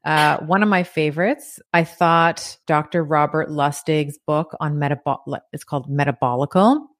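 A middle-aged woman, a podcast guest, talking in a lively, chatty way with frequent laughs, fillers and restarts. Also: sits low, normal speed, dry recording, clean studio sound. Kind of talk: casual interview chat.

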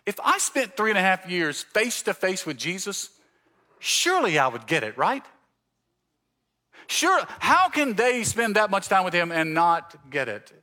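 A pastor from the Mississippi Gulf Coast preaching a sermon, telling stories and acting out the dialogue in them. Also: male voice, a little high, pushed and bright. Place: church sanctuary.

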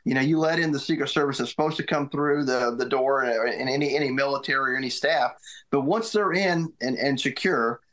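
A middle-aged man, a former military aide, recounting memories in a casual interview, halting and restarting often. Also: medium pitch, a bit bright. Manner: halting, many restarts and repeated words. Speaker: guest, former White House military aide.

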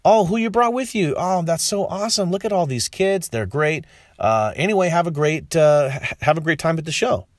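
A man's voice: a little high, lively intonation, moderate pace, no room sound, studio quality, voice pushed up, close to an everyday voice. A man voicing a cartoon wolf who acts friendly while scheming, in a chummy, over-eager way. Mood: fake-friendly.

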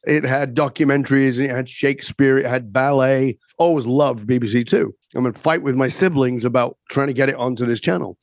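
A man in his sixties from Northern England, a podcast guest telling his life story in a measured, reflective way. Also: mid-range voice, no room sound, clean studio sound.

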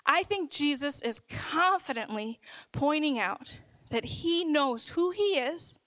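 A woman preaching a sermon, earnest and emphatic, slowing down to stress her points. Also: high voice, expressive, a bit bright, dry recording, low-quality recording.

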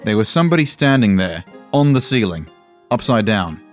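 A man narrating a fantasy story in a measured, dramatic way. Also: lowish voice, sing-song, soft background music.

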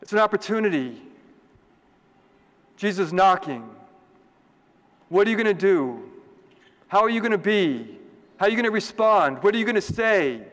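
A man's voice: high voice, big pitch swings, moderate pace, pauses often, a bit bright, big-room sound. A man, a priest, giving a homily in a conversational, joking way and asking the congregation questions.

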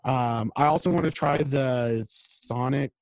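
Over a video call on a home mic, a man co-hosting a podcast takes his time chatting casually about food and guitar gear. His mid-range voice is a little mellow, and the low-quality recording has no echo.

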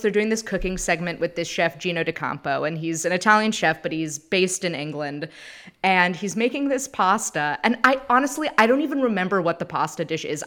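A woman in her thirties chatting casually as a podcast guest, animated and rambling, laughing often. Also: lowish voice. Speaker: guest, food anthropologist and TV host.

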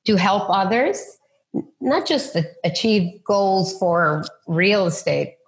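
Animated woman telling a story. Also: medium pitch, slow. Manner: animated storyteller, acts out quoted voices, many restarts. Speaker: real estate agent, guest. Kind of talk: faith-centered interview storytelling.

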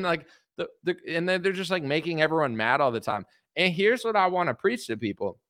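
A young man talking in a loose, rambling, sarcastic way about politics, his voice sitting a little high for a man. The sound is close and dry, with no room around it. He keeps circling back with filler words as he rants. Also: lively intonation, fairly quick, few pauses, a bit bright, dry recording. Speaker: political commentary host. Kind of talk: casual political rant.

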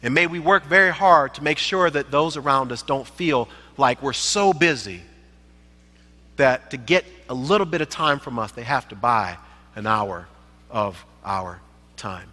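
A man's voice: medium pitch, a little slow, sharp tone. A man giving a sermon as a guest preacher, emphatic, repeating phrases for effect. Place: church sanctuary. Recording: reverberant church sanctuary.

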